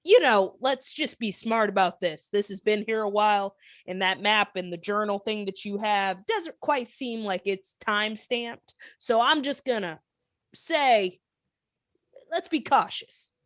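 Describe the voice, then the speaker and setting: A woman's voice: medium pitch, lively intonation, a little slow, no echo, studio quality. A woman playing a tabletop game, voicing her character in blunt, slangy, streetwise talk. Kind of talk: in-character tabletop role-play.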